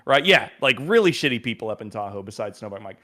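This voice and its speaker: A man's voice: fairly low pitch, fast talker. A man telling a road trip story in a casual podcast chat, acting out the people he quotes. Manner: animated storyteller who acts out quotes. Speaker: podcast guest.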